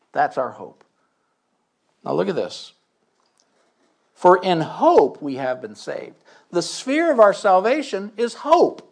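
A man's voice: a little high, vocal fry, darkish tone. A man preaching a sermon, reading scripture aloud and breaking in with emphatic asides and questions to his listeners.

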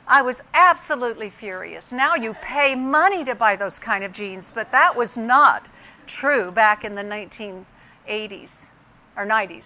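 A woman's voice: high-pitched, sharp tone. An older woman giving an earnest, reflective personal testimony that weaves in scripture and family stories. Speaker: speaker sharing a personal story.

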